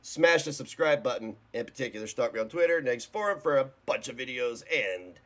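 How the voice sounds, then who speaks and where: A man's voice: medium pitch, expressive, fairly quick, fairly bright tone. A man hosting a reaction video, giving casual commentary in a rambling, blunt and mocking way.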